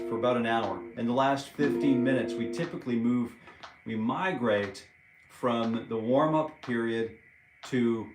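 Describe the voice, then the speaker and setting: A man's voice: fairly low pitch, a little hiss or hum. A man hosting a casual live-stream guitar lesson, chatting in a rambling way and counting rhythms aloud while he plays, recorded on a propped-up phone at home. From United States. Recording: roomy echo under loud guitar playing.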